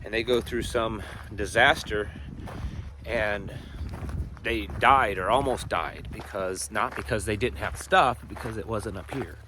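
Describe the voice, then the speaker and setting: A man's voice: lowish voice, measured pace, bright, forceful tone, slight background noise. A man hosting a homesteading channel, talking casually and rambling through rhetorical questions and self-corrections. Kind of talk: casual monologue.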